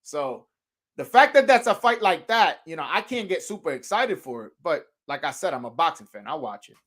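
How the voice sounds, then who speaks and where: A high-pitched man hosts a boxing talk show, his voice bright and forceful. He talks loosely and animatedly, swearing freely and laughing between points, with plenty of false starts and repeats. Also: moderate pace. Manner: animated, loose and profane, laughing often, many restarts. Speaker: podcast host.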